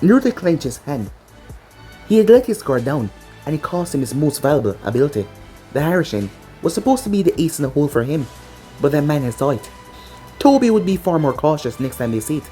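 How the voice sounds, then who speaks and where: A narrator reading a fan fiction story in a steady, dramatic manner. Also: medium pitch, brisk. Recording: faint music behind.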